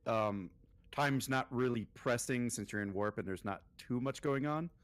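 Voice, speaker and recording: A man running a tabletop role-playing game as game master, talking in a loose, relaxed way with many pauses and fillers. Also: mid-range voice, smooth, no room sound. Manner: relaxed, lots of ums and filler.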